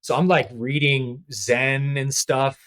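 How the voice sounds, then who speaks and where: Animated man telling a story. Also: mid-range voice, takes it slowly, clear, resonant tone. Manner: animated, conversational, with frequent "like" fillers. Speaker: podcast guest, spiritual teacher. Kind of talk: candid storytelling in a podcast interview.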